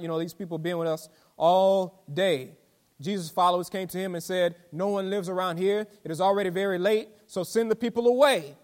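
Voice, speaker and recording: A man preaching a sermon as pastor, folksy and emphatic, with asides to the congregation that build to forceful emphasis. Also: high voice. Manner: preaching with call-and-response asides and rising emphatic delivery; folksy vernacular speech.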